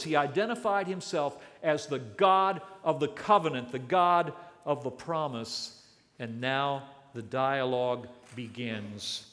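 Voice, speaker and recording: A man preaching an expository sermon, building his points with dramatic pauses and emphasis. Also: on the high side, a bit bright. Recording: long hall reverb.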